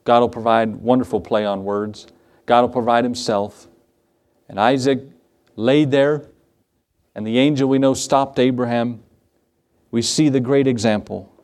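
A man's voice: medium pitch, fairly even intonation, measured pace, pauses often, a little mellow. A man preaching a Father's Day sermon as a pastor, earnest and given to repeated refrains. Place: church.

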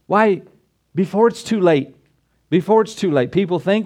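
A middle-aged man preaching a sermon, animated and storytelling, with excited peaks. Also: a little high, moderate pace. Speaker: pastor.

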